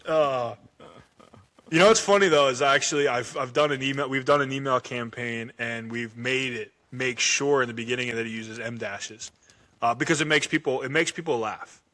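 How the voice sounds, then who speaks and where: Man, podcast host, bright forceful voice, chatty, restarts words. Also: mid-range voice, moderate pace. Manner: chatty, repeats words while thinking. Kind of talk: casual interview chat.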